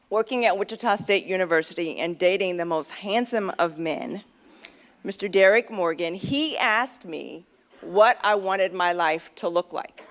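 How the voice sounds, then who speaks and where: A middle-aged woman with a mid-range, fairly bright voice stands at a podium microphone at a convention luncheon. She tells a candid, self-deprecating story about herself, chatting along with plenty of fillers.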